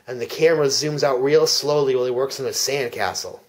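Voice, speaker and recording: A man giving a deadpan parody commentary track, telling an absurd plot earnestly, with frequent restarts. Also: medium pitch, a little fast. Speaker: comedic fake commentary speaker.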